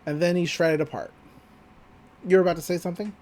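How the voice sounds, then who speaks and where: A man's voice: high-pitched, fairly even intonation, fast talker, a little mellow. A man co-hosting a podcast, casually retelling an anime episode and rambling through it with filler words. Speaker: podcast co-host.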